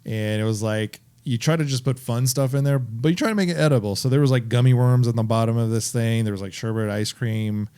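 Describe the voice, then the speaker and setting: A man co-hosting a horror movie podcast in casual chat, telling stories in a relaxed way and leaning on the word "like". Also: mid-range voice, brisk, hardly any pauses, smooth. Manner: relaxed, storytelling, many "like" fillers. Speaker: podcast co-host.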